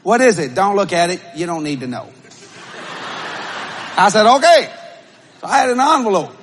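A man preaching a sermon and telling a story, with shouted bursts and laughing asides. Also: high-pitched, very animated, normal speed. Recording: live audience, faint crowd noise.

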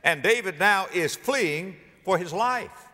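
A man preaching a sermon, dramatic and animated, acting out biblical speakers and rising to near-shouts. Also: high-pitched, slow pace, big-room sound.

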